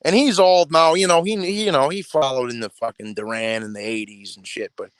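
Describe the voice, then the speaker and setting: A man's voice: mid-range voice, fairly even intonation, a little fast, smooth, no room sound. A man hosting a boxing talk show, rambling casually and swearing, calling his viewers "bro". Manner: profane, streetwise, talks to viewers as "bro".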